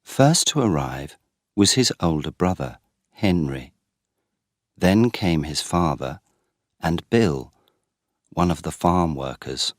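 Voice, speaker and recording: Man narrating a learner story, deep voice, lively intonation, slow pace, dry recording. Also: no room sound. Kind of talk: graded-reader story narration.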